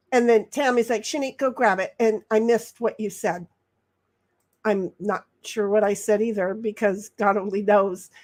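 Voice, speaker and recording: High-pitched female streamer, giggly rambler, casual chat host. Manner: giggly, rambling storyteller with many restarts. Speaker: livestream co-host.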